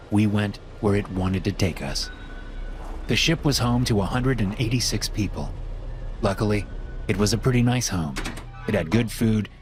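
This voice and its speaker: A man reading a first-person horror story in a steady, measured way, as scripted narration. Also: on the low side. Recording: voice-over with loud music behind.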